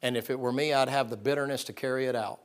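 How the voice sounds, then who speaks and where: A man's voice: medium pitch, steady tone, fast, clear, resonant tone. A man preaching a sermon, telling stories in a folksy, emphatic, self-deprecating way.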